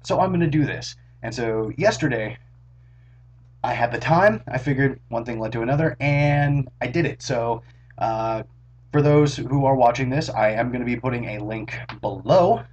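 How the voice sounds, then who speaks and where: A hoarse young man chatting casually to his camera in a rambling, jokey, self-mocking vlog, recorded on a small camera's built-in mic. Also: mid-range voice, moderate pace, darkish tone, highs cut off. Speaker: vlogger.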